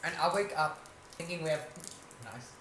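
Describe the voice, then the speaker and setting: A woman co-hosting a casual podcast, telling stories with lively quoted voices. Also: low voice, moderate pace. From South Africa. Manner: expressive storyteller, shouts out quoted lines. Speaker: podcast co-host. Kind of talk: casual chat. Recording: echoey room, mic at a distance, noisy.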